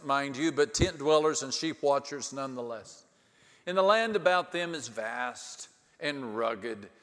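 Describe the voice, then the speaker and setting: A male pastor preaching a storytelling sermon with dry humor, dramatic pauses and swings from hushed to loud. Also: medium pitch. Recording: long hall reverb.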